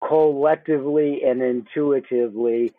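A man's voice: medium pitch, fairly even intonation, normal speed, no echo. Talkative man on a tinny phone line. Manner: talkative, repeats words, laughs often. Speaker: podcast host. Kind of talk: casual conversation.

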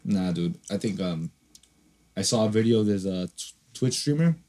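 A man's voice: lowish voice, lively intonation, normal speed, warm tone. Rambling, swearing young-sounding man. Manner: rambling storyteller, heavy swearing and fillers. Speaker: podcast co-host. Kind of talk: casual chat.

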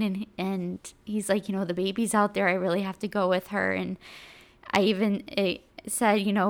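A young woman telling her own illness story in a casual, halting way, with many fillers, at times close to tears. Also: medium pitch, level tone, creaky.

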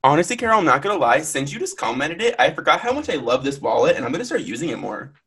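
A man's voice: a little high, sing-song, fast, a bit bright, slightly rough. A young man co-hosting a casual podcast, talking in an easygoing, rambling way with lots of fillers. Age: young adult. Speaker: podcast co-host.

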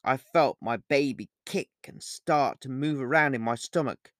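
A man reads his own novel aloud in a steady, earnest first-person narration. His voice sits in a middle pitch, and the recording is dry and close with no room sound. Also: unhurried, no room sound. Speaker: author reading his novel.

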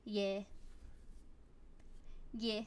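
A woman's voice: mid-range voice, little pitch movement, drawn-out words, clean tone. A woman hosting a podcast, chatting casually with a playful, teasing, giggly manner. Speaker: podcast host. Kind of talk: casual chat.

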